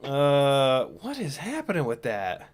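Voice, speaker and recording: A man's voice: medium pitch, wildly swooping pitch, slow pace. A man hosting a casual drone livestream, muttering in exasperation as he tinkers and reads chat aloud. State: still a bit sick. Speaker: FPV drone livestream host.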